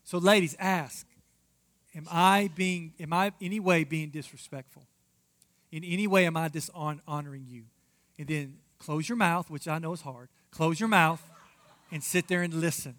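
A man's voice: fairly high pitch, a little slow, fairly bright tone. A man preaching a marriage sermon as pastor, emphatic and addressing the congregation directly.

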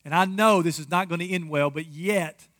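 A man's voice: on the high side, normal speed, fairly bright tone. A man preaching a marriage sermon as pastor, emphatic and addressing the congregation directly.

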